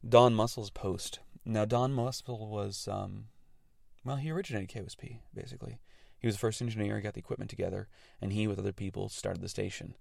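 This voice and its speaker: A man's voice: lowish voice, steady tone, fairly quick, gravelly, darkish tone, dry recording, studio quality. A man hosting a radio show, talking through technical details and his thoughts in an earnest, reflective monologue.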